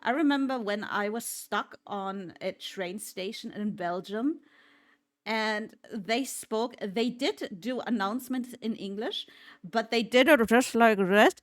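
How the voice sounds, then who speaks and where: A woman streamer giving casual, blunt reaction commentary, with frequent swearing. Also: a little high.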